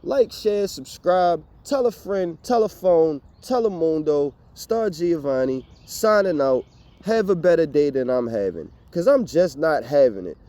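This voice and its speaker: Animated, profane young man ranting. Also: fairly high pitch, a little slow. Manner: animated, profane, exasperated storytelling. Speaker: vlogger. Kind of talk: casual storytime rant.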